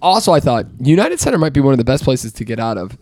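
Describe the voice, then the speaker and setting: Fast-talking man spinning stories. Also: medium pitch. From from an Irish Catholic family. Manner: fast, animated storytelling, teasing. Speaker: podcast host. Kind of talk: casual chat among friends.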